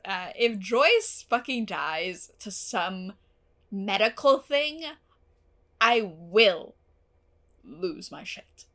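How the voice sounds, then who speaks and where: A woman's voice: medium pitch, animated, slow, a bit bright. Young woman gushing over a TV episode. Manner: gushing and emotional, swears, many "like" fillers. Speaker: TV episode reviewer. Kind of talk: casual reaction review.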